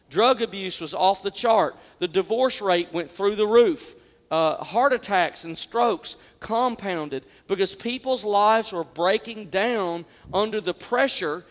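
Man preaching with a high voice. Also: big-room sound. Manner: conversational, heartfelt, with repetitions and restarts. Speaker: pastor. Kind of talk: sermon. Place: church sanctuary.

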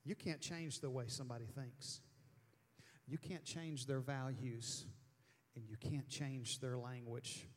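A man from Alabama preaching a sermon with emphatic, animated delivery, sometimes mimicking loud slow speech. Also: medium pitch. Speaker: pastor. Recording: reverberant church hall.

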